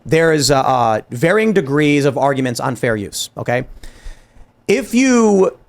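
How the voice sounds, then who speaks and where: A man hosting a political talk show, speaking in an animated, exasperated way with many restarts and acted-out quotes. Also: medium pitch, measured pace. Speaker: podcast host. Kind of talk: heated political commentary.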